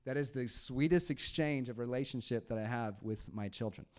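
A man in his thirties delivers a sermon in a relaxed, conversational manner, with a voice of ordinary middle pitch. He swings between quiet, hushed stretches and loud, emphatic passages. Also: normal speed. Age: 30s. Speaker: pastor.

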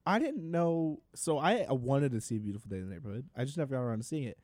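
A man co-hosting a podcast, talking in a relaxed, rambling way with fillers. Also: mid-range voice, rapid-fire, dry recording. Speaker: podcast co-host. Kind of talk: casual chat.

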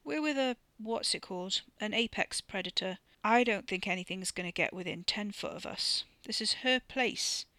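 A man's voice: high voice, moderate pace, hardly any pauses, sharp tone, clean tone, dry recording. A woman voicing a drowsy, stoned man who talks in a lazy, slurred drawl with a broadening accent.

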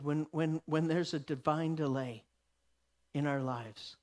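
In a higher-pitched voice, a man preaches a sermon, playing out the people in his story and swinging from loud pronouncements down to hushed whispers.

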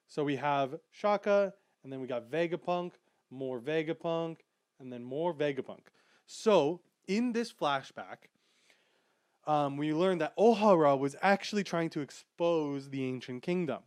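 A man's voice: fairly high pitch, no room sound, clean studio sound. A man hosting a podcast, talking casually and enthusiastically about a manga, rambling with many fillers and restarts. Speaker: podcast host.

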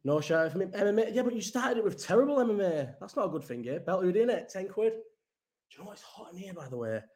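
A man's voice: high voice, animated, fast talker, a little mellow. A young man hosting a casual live-chat stream, rambling, swearing and answering viewers' comments as he goes. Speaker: livestream host.

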